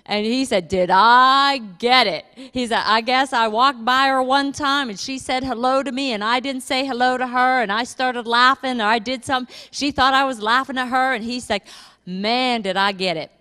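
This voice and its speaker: A woman pastor preaching a sermon, telling a funny story with lively, animated delivery and laughter. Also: sits high, normal speed, clean tone. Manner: animated storytelling, laughing at her own stories. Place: church. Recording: reverberant church hall.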